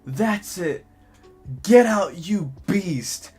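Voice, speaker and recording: A man's voice: high-pitched, lively intonation, extremely slow, a little mellow, slightly rough, soft background music, voice pushed up, full character voice. A man voicing an angry woman teacher who shrieks and scolds her class. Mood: shrill scolding.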